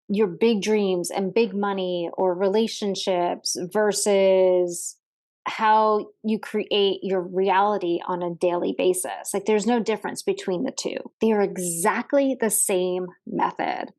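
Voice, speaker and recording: Sitting at a desk in a hotel room, a woman hosts a casual motivational podcast. Her voice is medium-pitched with a darkish tone, and she chats in an upbeat way, using fillers and light laughs.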